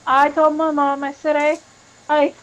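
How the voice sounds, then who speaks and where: A woman's voice: sits high, flat delivery, measured pace, low-quality recording. A woman talking candidly and emotionally on a live stream, swearing often as she tells her story. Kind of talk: confessional live-stream chat.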